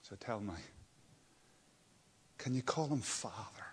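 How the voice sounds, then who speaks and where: A husky-voiced man delivers a slow, unhurried sermon. He sinks into near-whispers, then rises into loud, ringing exclamations. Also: mid-range voice, lively intonation. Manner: dramatic swings from hushed whispers to loud cries. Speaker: preacher.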